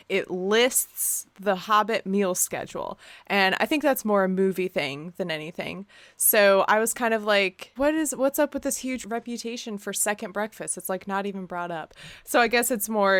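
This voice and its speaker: An animated woman co-hosting a casual podcast, jumping into over-the-top voices whenever she quotes someone. Her voice sits at a middle pitch. The sound is dry and close, with no room around it. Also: no room sound. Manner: animated, acts out quoted lines in exaggerated voices. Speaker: podcast co-host. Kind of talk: casual chat.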